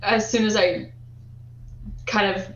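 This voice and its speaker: A woman's voice: mid-range voice, steady tone, slow, fairly bright tone, slight background noise. Wry woman player in a roomy room. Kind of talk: casual tabletop play. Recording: roomy, dull mic.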